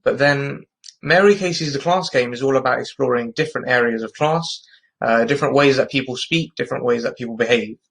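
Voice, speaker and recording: A man's voice: mid-range voice, a little fast, creaky, a bit bright, rough recording. A man with a London accent explaining a topic in a patient, methodical lesson. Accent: London English. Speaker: English tutor.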